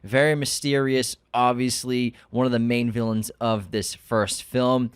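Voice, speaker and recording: A man's voice: mid-range voice, unhurried, clear, resonant tone. A man in a mid-range voice reads off film history in a matter-of-fact way, keeping the podcast chat moving along. The sound is close and dry, with no room echo. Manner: runs through facts and dates in a steady listing way. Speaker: podcast co-host. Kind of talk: casual film discussion.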